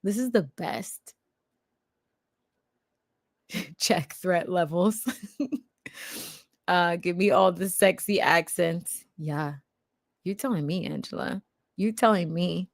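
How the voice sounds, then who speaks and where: A giggly young woman chats slowly and warmly with her livestream viewers, her voice slipping into a gravelly fry. She fills her talk with loose little fillers, and the sound is dry and close, with almost no room around it. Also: lowish voice, no room sound. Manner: giggly, laughs often; chatty with lots of fillers. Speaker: livestream host. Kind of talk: casual live chat with viewers.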